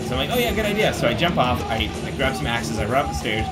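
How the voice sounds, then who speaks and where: A man's voice: mid-range voice, quick pace, over loud music. A man, a band singer, telling stories in casual chat and acting out voices along the way. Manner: animated, acts out voices and shouts in stories.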